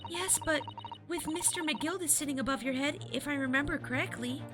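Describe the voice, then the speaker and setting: A woman doing a soft, polite young assistant. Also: sits high, brisk, music in the background, voice pushed up, lightly acted.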